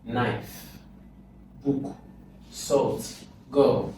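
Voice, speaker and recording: Male Nigerian tutor, unhurried, repeats sounds aloud; very echoey room. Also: medium pitch, noisy background. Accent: Nigerian English. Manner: slow, thinks aloud, repeats sounds over and over. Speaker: exam prep tutor. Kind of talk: informal exam lesson. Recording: echoey room, far from mic, music behind.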